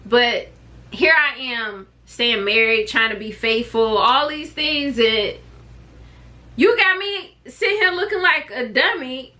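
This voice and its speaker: Chatty woman vlogger spilling her story, kinda high voice, super bright and sharp. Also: slow. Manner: chatty, expressive, prone to tangents and laughter. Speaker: mother. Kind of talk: candid personal storytelling to camera.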